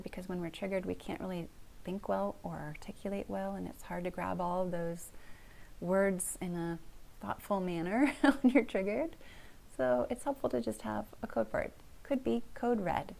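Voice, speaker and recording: A middle-aged woman therapist calmly teaching a couples communication skill, gentle and encouraging, often dropping to a soft whisper. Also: mid-range voice, moderate pace, gravelly, a little hiss or hum. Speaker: family therapist.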